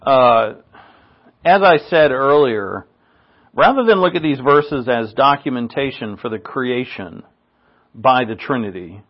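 A man preaching a sermon in an earnest manner, his pitch rising on rhetorical questions. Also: animated, a little slow, muffled recording.

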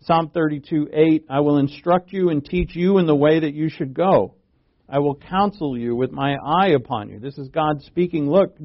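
A man preaching a sermon, earnest and halting, restarting phrases and pushing his voice up for emphasis. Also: fairly high pitch, lo-fi sound. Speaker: pastor.

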